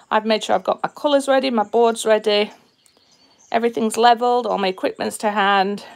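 A woman's voice: mid-range voice, creaky. A woman with a Yorkshire accent and a slight Australian twang, chatting casually to viewers on a live stream as she demonstrates her craft, greeting people and reading out their comments. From Yorkshire, England. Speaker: resin artist hosting a live stream.

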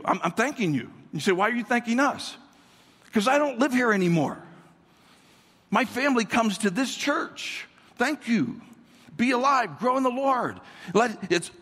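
A man's voice: extremely high pitch, animated, unhurried, long pauses, fairly bright tone, husky, in a large hall. A man giving a sermon as a guest pastor in a large church, speaking energetically, repeating words and calling on the congregation to answer back.

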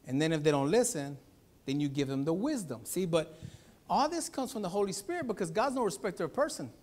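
A pastor preaching a Sunday sermon, telling a family story with acted-out voices. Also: male voice, sits high, brisk. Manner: animated storytelling, acts out voices.

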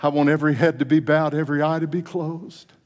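A middle-aged pastor delivers a sermon to his congregation, telling a story, hushing his voice for quoted words and then rising into fervent, higher passages. His voice is a bit high for a man, his tone mostly level, and he talks fast. Long church-sanctuary reverb surrounds everything.

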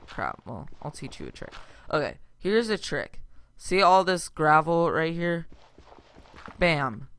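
A man chatting casually over his gameplay, wandering from topic to topic and breaking into loud yelps. His voice is bright and crisp with a gravelly fry. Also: fairly high pitch. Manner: rambling, excitable, sudden loud outbursts. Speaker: gaming channel host. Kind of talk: casual let's-play commentary.

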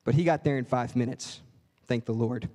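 A man's voice: medium pitch, moderate pace, dark tone. A man preaching a sermon as a pastor, telling a story and acting out voices in quotes. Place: church sanctuary. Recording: reverberant church hall.

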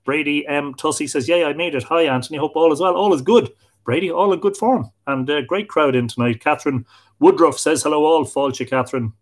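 A man's voice: on the high side, brisk. Chatty Irish man hosting a live stream. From Ireland. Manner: friendly, chatty, greeting viewers by name. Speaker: host of a live online show. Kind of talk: casual live-stream chat, reading out comments.

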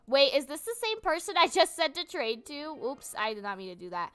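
A woman's voice: sits high, very animated, a little fast, hardly any pauses, bright, forceful tone. A young woman casually commenting on her gameplay, chatty and giggly, thinking aloud as she goes. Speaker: gaming channel host.

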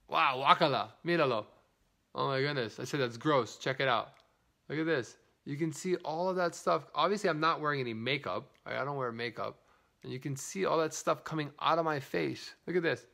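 A man with a slightly high, bright, forceful voice runs a casual live product demo from home, filmed on his phone. He greets viewers by name and slips into broken Spanish.

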